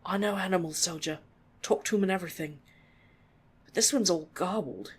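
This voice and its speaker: A reader playing a tough, plain-spoken warrior woman. She speaks low and earnest, with a folksy bluntness, in a storybook reading. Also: moderate pace, breathy edge, natural voice. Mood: urgent.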